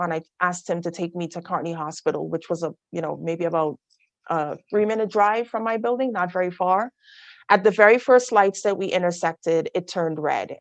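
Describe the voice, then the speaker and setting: Low-voiced woman telling her own story. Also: no echo. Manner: candid storytelling with asides to the audience. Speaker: guest speaker. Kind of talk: personal testimony talk. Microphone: video call.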